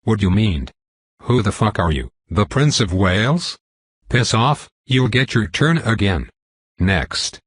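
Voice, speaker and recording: A man's voice: lowish voice, expressive, a little slow, breathy edge, no echo, studio quality. A man voicing a crude, blustering male council elder who talks in a coarse, scolding way.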